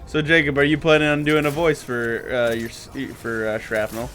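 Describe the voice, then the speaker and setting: A man's voice: medium pitch, moderate pace, a bit bright, soft background music. A man player chatting casually during a tabletop game, rambling, swearing and restarting his sentences. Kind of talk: casual chat among players.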